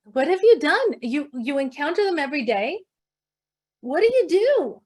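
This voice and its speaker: A middle-aged woman leading a leadership workshop, questioning her audience and telling stories in an animated way. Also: high voice, normal speed. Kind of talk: interactive talk to an audience.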